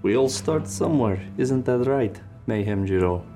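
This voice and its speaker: A man voicing a calm, measured temple priest who speaks in slow, solemn pronouncements. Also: mid-range voice, soft background music, lightly acted. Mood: serene.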